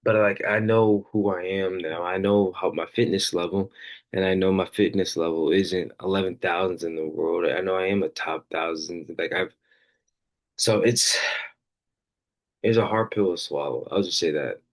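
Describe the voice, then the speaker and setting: Telling a story from his own life, this man hosts a faith podcast in a deep, low voice that keeps a steady tone at a moderate pace. His delivery is loose and rambling, heavy on fillers, yet consistently earnest and open.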